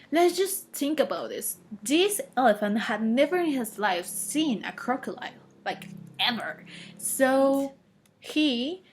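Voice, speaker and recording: A woman casually retelling a children's story, hesitant, with many fillers and restarts. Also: on the high side.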